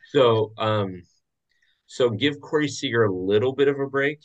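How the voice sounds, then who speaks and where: A man's voice: medium pitch, measured pace. A man hosting a sports podcast, asking his co-hosts questions in an easygoing, teasing way. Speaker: podcast host. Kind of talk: casual sports chat.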